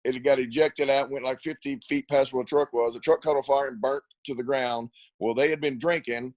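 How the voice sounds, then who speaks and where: A quick, chatty middle-aged man tells racing-trip stories in a rambling way, stumbling over repeated words and laughing as he goes. His voice is close and dry, with no room sound around it. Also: medium pitch, fairly even intonation, no room sound, rough recording. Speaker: ATV racer and riding school coach. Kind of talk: casual storytelling interview.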